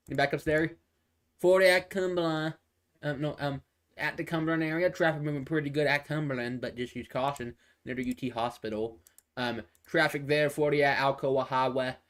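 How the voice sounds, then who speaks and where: A man giving casual live traffic and weather updates into a phone, rambling and repeating himself with many fillers and restarts. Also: medium pitch. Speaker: amateur weather and traffic presenter.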